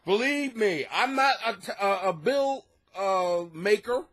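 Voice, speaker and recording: Animated, profane comedian host. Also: male voice, high-pitched, a little slow. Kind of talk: casual comedic monologue. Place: home basement.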